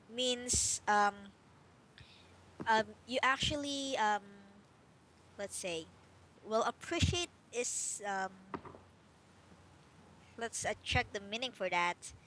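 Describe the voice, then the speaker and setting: A woman's voice: a little high, animated, takes it slowly, pauses often, fairly bright tone, a little hiss or hum. A woman tutoring English one-on-one over a video call, patiently explaining phrases with many fillers.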